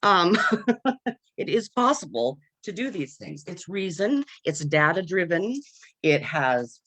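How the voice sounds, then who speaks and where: A panel speaker in an unscripted discussion who talks earnestly and haltingly, searching for words with many fillers and nervous laughs, heard over a video call. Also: medium pitch, big pitch swings, fairly bright tone, slight background noise.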